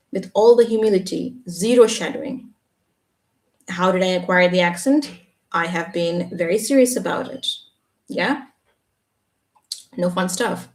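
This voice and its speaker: A woman teaching English on a live stream, explaining patiently and checking in with a quick "yeah?". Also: lowish voice, a little mellow. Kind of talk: live Q&A reading viewer comments. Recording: echoey room, voice a bit far from the mic.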